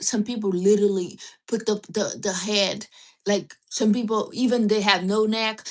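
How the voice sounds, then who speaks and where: Blunt, teasing woman hosting a livestream. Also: medium pitch. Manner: blunt, teasing advice with non-native grammar. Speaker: livestream host. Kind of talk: casual livestream chat.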